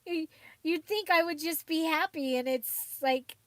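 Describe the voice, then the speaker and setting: A woman's voice: sits high, measured pace, dry recording. A woman hosting a crafting channel, chatting casually and rambling with frequent fillers and little laughs. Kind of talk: casual livestream chat.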